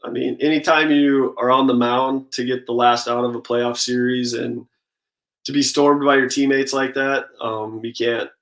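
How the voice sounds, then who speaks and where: Flat-voiced man telling laid-back stories. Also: mid-range voice, moderate pace, poor audio. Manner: relaxed storytelling, lots of "like" and "I mean". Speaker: guest, professional baseball pitcher. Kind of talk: casual interview chat.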